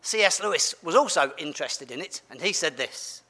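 A man preaching a family-friendly sermon in a big hall, with long reverb trailing each phrase. His voice is high and very bright, and it swoops up and down as he quizzes the crowd in a playful, animated way. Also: a little fast. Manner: animated, asks the audience questions, playful.

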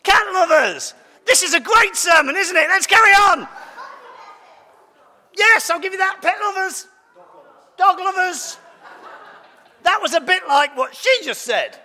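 A man's voice: extremely high pitch, animated, unhurried, pauses often, pushed and bright. A man, preaching a playful, interactive sermon and bantering with his congregation in a large church. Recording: long church hall reverb.

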